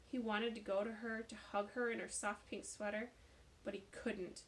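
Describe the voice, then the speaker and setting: A woman reading a children's novel aloud with expressive voices. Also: medium pitch, normal speed. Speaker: storybook reader.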